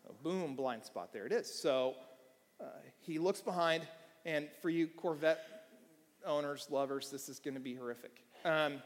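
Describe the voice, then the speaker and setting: A man preaching a sermon as pastor, telling a story with quiet asides and bursts of shouting. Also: on the high side, unhurried. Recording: long hall reverb.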